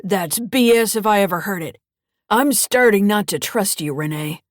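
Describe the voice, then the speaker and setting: A woman playing a mean, gruff old grandfather who talks in a gravelly, curt and bullying way. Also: medium pitch, lively intonation, normal speed, no room sound, studio quality, close to an everyday voice.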